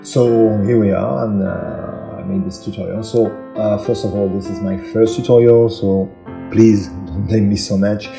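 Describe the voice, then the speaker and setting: French-accented man, halting tutorial talk. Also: fairly even intonation, creaky. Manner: hesitant, many fillers, talks through steps. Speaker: software tutorial maker. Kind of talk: screen-recorded software tutorial. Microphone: phone microphone. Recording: echoey room, low-quality phone mic, soft music.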